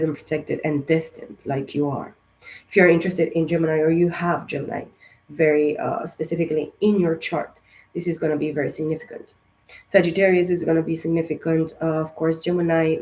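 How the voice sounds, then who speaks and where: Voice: medium pitch, level tone, brisk, a little mellow, poor audio. A tarot reader giving a casual astrology reading to camera, talking in a loose, rambling way with many fillers and restarts, in a voice that has been strained and sensitive lately. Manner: encouraging, direct.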